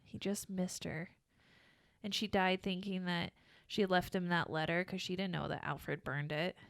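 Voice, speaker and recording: A young woman co-hosts a casual podcast, talking in a low voice with a gravelly fry. She rambles, restarts her sentences and laughs along the way. The recording is dry and close. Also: steady tone, normal speed, no echo. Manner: chatty, laughs often, trails off into restarts. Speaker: podcast co-host. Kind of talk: casual chat.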